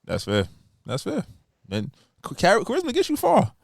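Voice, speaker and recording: A young man hosting a podcast, chatting casually and laughing, his voice leaping up in pitch when he gets excited. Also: normal speed, vocal fry, no echo, clean studio sound. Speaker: podcast host.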